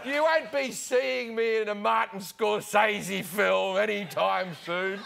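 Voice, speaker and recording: A man with an Australian accent, a comedian telling an animated anecdote on a talk show. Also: sits high, slow, vocal fry, a crowd in the background, background noise. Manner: animated storytelling, acting out voices. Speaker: comedian guest.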